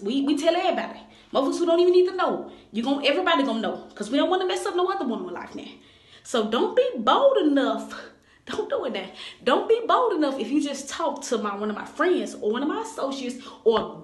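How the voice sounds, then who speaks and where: A woman telling comic stories in a sassy, animated way, talking straight to the viewer. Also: high voice, slightly rough, no room sound. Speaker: comedic vine creator. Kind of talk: comedic storytelling monologue.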